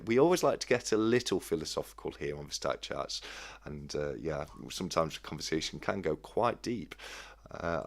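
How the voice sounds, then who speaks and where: A man hosting a casual live-stream chat, reading out viewer comments in a friendly, halting way with many restarts. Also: sits low. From United Kingdom. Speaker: livestream host.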